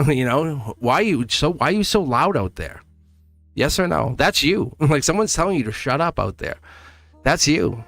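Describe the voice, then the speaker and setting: A man giving a live tarot reading, animated, laughing often and talking straight to his viewers. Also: fairly high pitch, normal speed, dry recording, faint music behind. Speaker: tarot reader.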